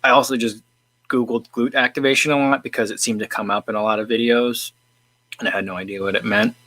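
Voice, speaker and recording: A man's voice: medium pitch, steady tone, fast talker, bright, forceful tone. A man hosting a casual livestream, rambling with lots of fillers and restarts while he eats and answers viewer questions. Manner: eating while talking. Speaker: livestream host.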